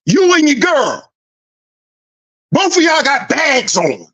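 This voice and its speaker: A man's voice: extremely high pitch, wildly swooping pitch, slow pace, fairly bright tone. A man hosting a commentary channel, preaching an emphatic rant that repeats lines for effect and swears freely. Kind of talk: ranting social commentary.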